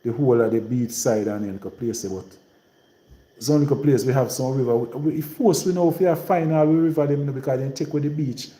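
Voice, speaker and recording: Jamaican man, rural Trelawny patois accent, very dark mellow tone, rambling live-stream host. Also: mid-range voice, fairly quick, roomy sound, rough recording. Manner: rambling and repetitive, in heavy patois. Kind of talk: casual live-stream monologue.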